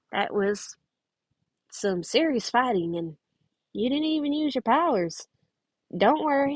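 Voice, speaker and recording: A woman's voice: medium pitch, no echo. Cheerful teen healer boy as a lady reader puts him on, upbeat and reassuring, dry close sound, pretty normal voice. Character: cheerful young male camp healer.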